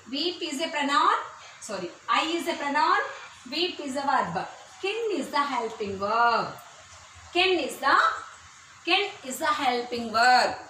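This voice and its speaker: A woman teacher with a Telugu accent giving a grammar lesson, repeating each phrase slowly. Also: high-pitched, sharp tone, a little hiss or hum. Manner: slow, repetitive, drills phrases. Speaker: school teacher. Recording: echoey room, distant mic, faint ambience.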